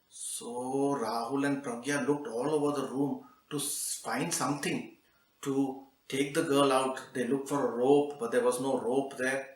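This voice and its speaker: A man narrating a children's story in a relaxed, conversational way, with fillers and restarts. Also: mid-range voice, a little slow, reverberant, recorded from a distance, poor audio.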